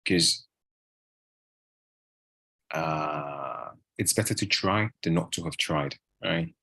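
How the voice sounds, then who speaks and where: Man, from Africa, deep voice, husky, dry sound, casual interview guest, keeps asking "right?". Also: takes it slowly, no echo. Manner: relaxed, often ends phrases with a tag question.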